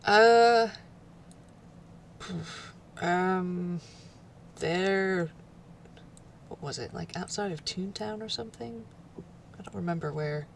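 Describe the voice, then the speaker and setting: A woman playing a tabletop role-play, talking hesitantly with many pauses and fillers. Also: on the low side, a little hiss or hum. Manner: hesitant, lots of ums and trailing off. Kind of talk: casual in-character role-play chat.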